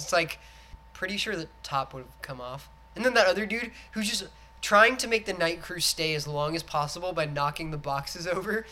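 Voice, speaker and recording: Bright-voiced man in animated casual chat. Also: high voice. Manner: animated, swearing, acts out movie lines. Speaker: podcast co-host.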